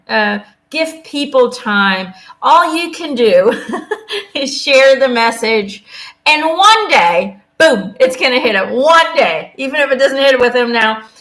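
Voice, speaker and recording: A woman doing a live angel card reading, speaking gently and reassuringly and often checking in with "okay?" and "you know?". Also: high voice. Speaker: intuitive angel card reader. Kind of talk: live card reading, casual spoken guidance.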